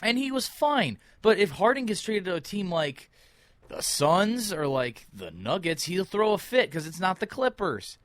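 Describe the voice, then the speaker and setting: A man co-hosting a sports podcast, ranting with exasperation. His pitch swings widely as he heats up, and he is recorded dry and close to the mic. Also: sing-song, moderate pace, no echo. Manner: ranting, exasperated, mimics players in quotes. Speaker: podcast co-host. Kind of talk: heated sports talk.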